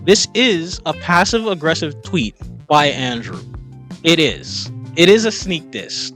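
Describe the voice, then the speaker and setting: A man with a fairly high voice talks back at video clips in a mocking, exasperated commentary. He keeps telling the person on screen to calm down. Faint music runs underneath. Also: a little slow. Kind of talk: opinion commentary.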